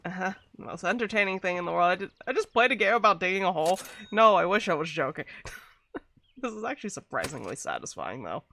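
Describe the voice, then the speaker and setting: Chatty streamer, swooping animated delivery, mid-pitched, laughs a lot, gaming chat at a desk mic. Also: fast, gravelly, a little hiss or hum. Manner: chatty and rambling, laughs often. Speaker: VTuber streamer.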